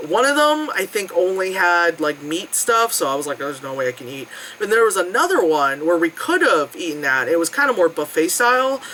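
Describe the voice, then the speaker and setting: Rambling, animated vlogger with a bright voice. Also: a little hiss or hum, low-quality recording. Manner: rambling, heavy on fillers, swears freely; animated, jumping between high and low tones. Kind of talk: casual travel storytelling.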